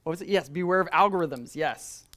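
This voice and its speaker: A man leading a Sunday school class with a fairly high voice in a church classroom. He talks casually, full of "um"s and restarts, and keeps asking the group questions. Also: a little fast, a bit bright. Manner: conversational, many "um"s and restarts, quizzes the class.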